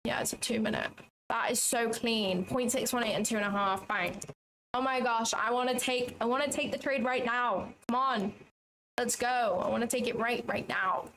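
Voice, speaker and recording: A woman's voice: a little high, normal speed, fairly bright tone, slight background noise. A woman hosting a live trading stream, chatting and thinking aloud in a self-deprecating way. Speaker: trading livestream host. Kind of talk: live commentary while trading.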